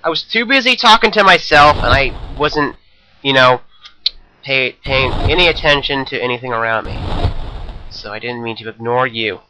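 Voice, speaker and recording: A man's voice: mid-range voice, lively intonation, moderate pace, pushed and bright, slight background noise, poor audio. A young man giving rambling, jokey commentary over a video game he is playing, talking to himself. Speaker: let's play commentator.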